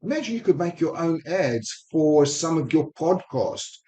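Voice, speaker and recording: Brief: man with a blended South African-American accent, quick, eager tutorial delivery, mellow tone. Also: on the high side, big pitch swings. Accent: mixed South African, Spanish and American. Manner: quick, enthusiastic talk. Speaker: sales technology speaker. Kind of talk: screen-recorded software walkthrough. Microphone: desk microphone while screen recording.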